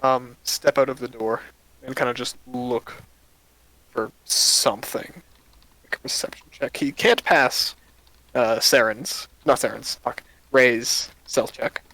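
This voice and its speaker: A man's voice: medium pitch, fairly even intonation, slow, sharp tone, no echo, low-quality recording. Casual man running a tabletop game. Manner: casual, rambling with fillers. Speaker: game master.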